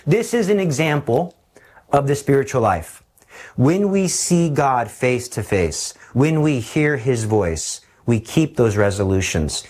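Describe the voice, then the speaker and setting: A middle-aged man preaching a sermon with storytelling, animated and fond of acting out examples. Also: mid-range voice, measured pace. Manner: animated, shifts into voices for examples.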